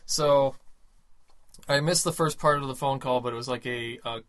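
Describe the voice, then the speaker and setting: A man's voice: mid-range voice, normal speed. A man hosting a casual chat, telling stories animatedly and acting out the people in them. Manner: animated storyteller who acts out quoted voices. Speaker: podcast host.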